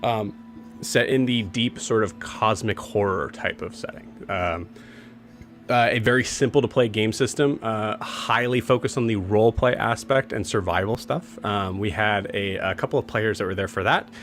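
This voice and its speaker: A man's voice: lowish voice, normal speed, a bit bright. A man hosting a game stream, casually announcing campaigns and rambling with many filler words and restarts. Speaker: game master and show host.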